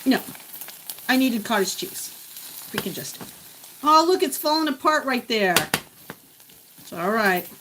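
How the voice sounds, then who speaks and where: Gen x lady chatting to her viewers while she cooks at home, kinda high voice, pan sizzling faintly. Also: expressive, moderate pace, pauses often, a bit bright, a little hiss or hum, rough recording. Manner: chatty, talks to herself and viewers. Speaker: vlogger. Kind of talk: casual chat while cooking. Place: home kitchen. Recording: faint kitchen sizzle behind.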